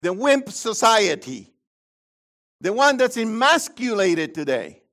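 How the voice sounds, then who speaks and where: A man preaching a sermon as pastor, swinging between loud high emphasis and low quiet asides. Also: big pitch swings, takes it slowly.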